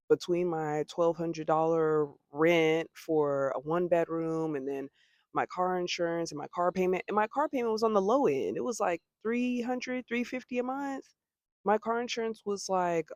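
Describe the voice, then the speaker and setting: A young American woman talking casually to the camera in a vlog, chatty, with laughing asides and lively quoting of her own thoughts. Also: fairly low pitch, moderate pace, no echo, clean studio sound. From United States. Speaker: vlogger. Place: home abroad.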